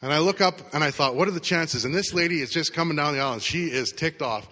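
A middle-aged man gives a sermon in a relaxed, chatty storytelling manner. His voice sits a little high for a man and sounds bright and forceful. The sound carries a long hall reverb. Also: quick pace. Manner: casual, conversational storytelling with acted quotes. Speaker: pastor.

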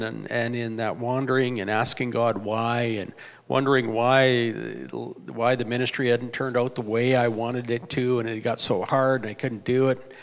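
A man's voice: medium pitch, gravelly. Male pastor in an echoing hall. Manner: halting, reflective storytelling with restarts. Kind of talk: personal testimony sermon. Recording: reverberant hall.

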